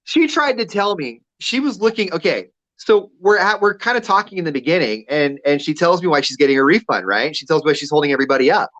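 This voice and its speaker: A man's voice: on the high side, animated, fast talker, hardly any pauses, a bit bright, lo-fi sound. A man co-hosting a radio show, telling a story casually and acting out the quotes with energy.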